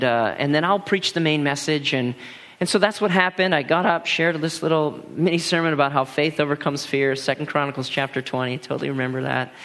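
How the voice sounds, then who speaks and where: A man in his thirties tells stories from the pulpit as a pastor, with a voice that sits a little high. He talks in an animated, casual way, restarting his sentences often as he goes. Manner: animated, laughing storyteller with many restarts. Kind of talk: storytelling sermon.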